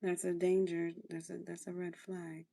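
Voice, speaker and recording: A woman's voice: on the low side, completely flat delivery, normal speed, vocal fry, dark tone. A woman hosting a casual livestream, chatting through her skincare routine in a coaching tone and repeating phrases for emphasis. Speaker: livestream host.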